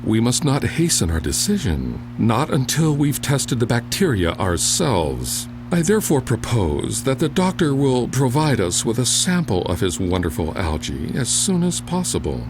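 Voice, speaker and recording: An actor playing a cautious investor in a video game, speaking in a formal, measured way. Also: male voice, medium pitch, huge pitch swings, background noise.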